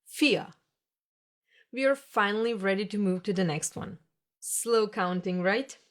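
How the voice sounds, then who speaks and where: A woman narrates a scripted language lesson at a middle pitch. She explains each sound patiently and step by step, in the manner of a teacher guiding a beginner. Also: unhurried.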